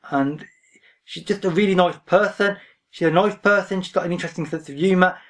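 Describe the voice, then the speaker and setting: A man vlogging about books in a casual, rambling way, reserved in manner. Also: a little high. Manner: reserved, rambling, often says "frankly". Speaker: book vlogger. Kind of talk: casual talk to camera. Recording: voice a bit distant from the mic.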